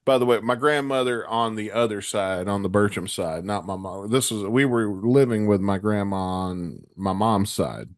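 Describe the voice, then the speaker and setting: A man's voice: fairly low pitch, normal speed, hardly any pauses, no echo, clean studio sound. Profane sick man telling rowdy stories. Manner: profane storytelling, stammering restarts. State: sick with a cold. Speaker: podcast co-host. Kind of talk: casual rowdy chat.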